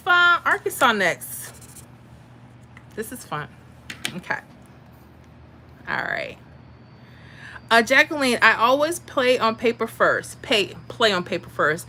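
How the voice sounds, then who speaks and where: A woman's voice: on the high side, pushed and bright, slight background noise, low-quality recording. Chatty woman livestream host. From Florida. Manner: chatty, reads and answers viewer comments. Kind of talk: casual livestream chat.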